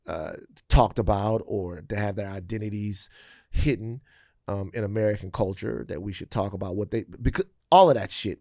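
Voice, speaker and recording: A man co-hosting a podcast, talking politics in a casual, profane, animated way and acting out quotes. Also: fairly low pitch, dry recording, clean studio sound. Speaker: podcast co-host.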